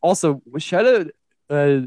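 A man co-hosting a casual football podcast, starting halting and stammering. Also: a little high, animated, a loud crowd. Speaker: podcast co-host. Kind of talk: casual sports podcast chat.

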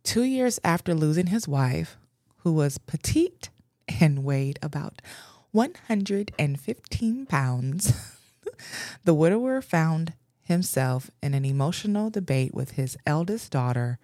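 A woman's voice: sits low, lively intonation, slow, mellow, no echo, clean studio sound. A woman podcast host frankly commenting on a news story she reads out, laughing often.

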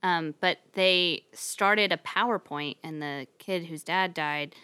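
A young woman co-hosting a podcast, telling a long story in casual chat, laughing often and trailing off quietly. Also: on the low side, slow, smooth, no echo. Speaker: podcast co-host.

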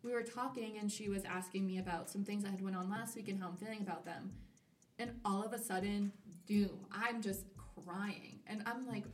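A woman's voice: medium pitch, a little fast. A college student in her twenties, a guest on a podcast, telling her story openly and acting out her own quoted thoughts. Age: 20s. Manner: open, candid storytelling, animated quoting of herself. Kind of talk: casual conversation. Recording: roomy, slightly distant mic.

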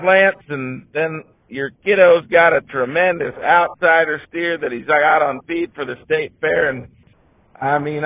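A man's voice: fairly high pitch, no echo. Chatty man hosting over a tinny phone line. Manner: chatty, many fillers, upbeat. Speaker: host. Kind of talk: casual live call-in show hosting.

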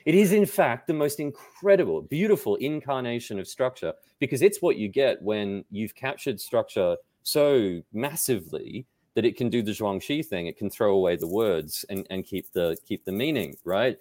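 A man talking about data as a podcast guest, energetic and quick to act out his own reactions, often restarting his sentences. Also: on the low side, no room sound. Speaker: data management guest speaker. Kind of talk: animated podcast conversation.

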